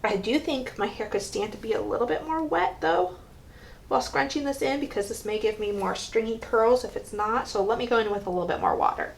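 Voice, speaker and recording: A woman's voice: a little high, moderate pace, slight background noise. A woman chatting casually as she tries a hair gel on camera, thinking aloud with lots of fillers while she styles her hair. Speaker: hair care vlogger. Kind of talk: casual tutorial chat.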